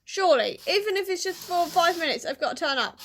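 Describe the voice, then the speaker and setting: A woman's voice: very high-pitched, lively intonation, quick pace, a little hiss or hum. A woman chatting casually in a book vlog, emotional and rambling, often laughing at herself. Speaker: book vlogger.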